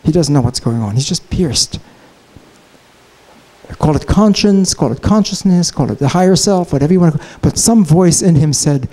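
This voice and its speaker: A man giving a conference keynote lecture, telling a story in an animated, digressive way. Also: fairly high pitch, normal speed, rough recording. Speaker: keynote speaker. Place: conference hall, Chicago.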